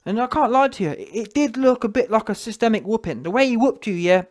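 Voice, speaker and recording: A man's voice: high-pitched, expressive, quick pace. A man giving a sarcastic, punchy sports commentary rant, full of tag questions. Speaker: vlogger commentator.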